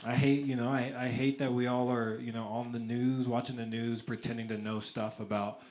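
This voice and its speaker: A young man performing a stand-up set in a live venue, telling stories in an animated way and laughing through his punchlines. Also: medium pitch, moderate pace. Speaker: stand-up comedian.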